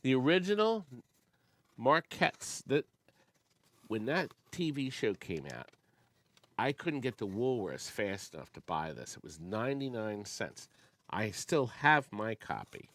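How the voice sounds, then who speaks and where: Older male host, easygoing slow talker, lively up-and-down delivery, reads labels and hums tunes. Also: on the low side, no echo. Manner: chatty, reads labels aloud and hums snatches of songs. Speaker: host of an amusement sales company show. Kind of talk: casual chat, sorting through old records.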